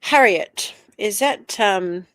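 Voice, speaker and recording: An Australian woman hosts a relaxed livestream, greeting viewers by name and chatting freely between topics. Her first language is Italian. The recording is dry and close. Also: medium pitch, slow pace, dry recording. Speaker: livestream host. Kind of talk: casual live chat reading comments.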